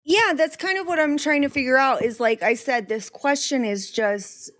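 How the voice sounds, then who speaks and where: A woman co-hosting a casual podcast, talking in quick, chatty bursts with lots of "like" and blunt swearing. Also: high-pitched, a bit bright. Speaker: podcast co-host.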